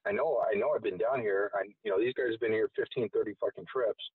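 Husky man swearing, tinny phone sound. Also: on the low side, steady tone, quick pace, no echo, far from the mic. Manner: rambling, heavy swearing. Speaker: guest. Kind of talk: casual storytelling.

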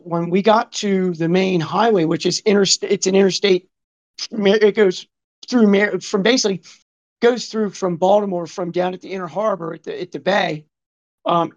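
A man in his fifties telling a long story in casual conversation, rambling and swearing, full of asides and quoted remarks. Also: high-pitched. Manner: rambling and profane, many asides and reported speech. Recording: dull lo-fi recording.

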